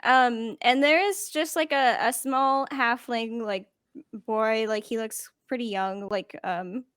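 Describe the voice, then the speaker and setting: A woman's voice: on the high side, fairly even intonation, takes it slowly, a bit bright, clear, resonant tone, no room sound, clean studio sound. A woman running a tabletop game as game master, describing scenes in a casual, rambling way with many fillers.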